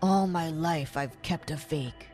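A woman's voice: low voice, slow pace, a little mellow, faint music behind, pitched below the performer's own voice. A woman voicing a shaken, distraught father. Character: distraught middle-aged father.

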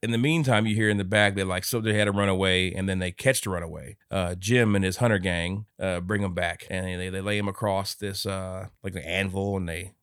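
Deep-voiced guy on a podcast retelling a movie, does the characters' lines, swears a lot, dry sound. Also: steady tone, brisk, hardly any pauses, fairly bright tone, clean tone, dry recording. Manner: loose slang and swearing. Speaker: podcast co-host. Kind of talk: casual movie review chat.

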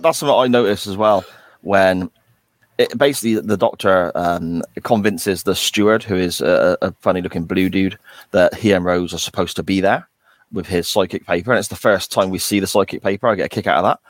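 Male co-host, low voice, dry close mic, rambling chat. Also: fairly quick, dry recording. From England. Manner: rambling, restarts sentences. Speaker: podcast co-host. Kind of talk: casual podcast chat.

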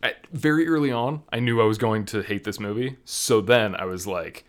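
A man hosting a casual movie review chat, animated and sarcastic, laughing often. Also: fairly low pitch, normal speed. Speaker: movie review podcast host.

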